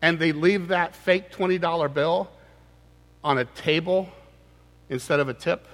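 A man preaching a humorous sermon in a conversational, teasing way with animated asides. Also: on the high side, measured pace, in a large hall.

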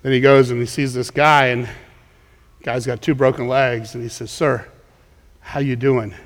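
A man speaks at medium pitch with a flat delivery and normal speed, preaching as a pastor in a conversational style. He frequently repeats words and starts over mid-thought. The sermon is recorded in a church sanctuary with the long echo of a big hall.

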